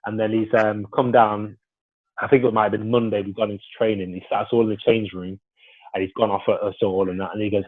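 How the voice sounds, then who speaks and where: A man's voice: on the low side, quick pace, husky. Guy telling football stories, loose and rambly, sounds like a phone line. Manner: casual, rambling, lots of restarts and fillers. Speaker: former footballer. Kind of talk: casual storytelling interview.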